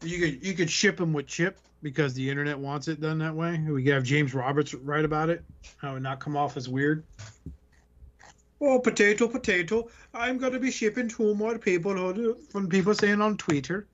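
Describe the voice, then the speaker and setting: Man, fairly high-pitched, sarcastic profane rant, casual podcast banter, a bit muffled. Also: brisk. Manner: ranting, sarcastic, swears constantly, mock voices. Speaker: podcast host. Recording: slightly muffled lo-fi audio.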